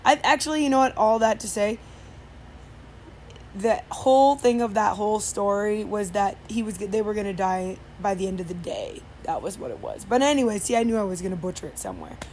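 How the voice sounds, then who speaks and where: A woman's voice: medium pitch, animated, brisk, darkish tone. A woman in the middle of her own range tells a story on her podcast, rambling along with plenty of fillers and restarts. The talk is loose and conversational. A faint background noise sits under her voice. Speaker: podcast host. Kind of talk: casual storytelling monologue.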